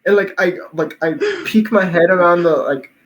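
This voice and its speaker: A man's voice: high voice, fairly even intonation, moderate pace, fairly bright tone, low-quality recording. Young man telling a rambling story. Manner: rambling, full of "like" and restarts, laughs while telling. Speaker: podcast host. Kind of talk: casual storytelling chat.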